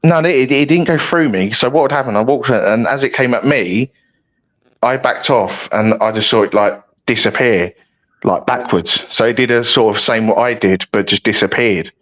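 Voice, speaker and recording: A man's voice: medium pitch, moderate pace, fairly bright tone, poor audio. A British man talking as a guest, telling rambling, self-mocking stories with lots of restarts. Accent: British English. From United Kingdom. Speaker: guest paranormal investigator. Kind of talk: casual storytelling chat.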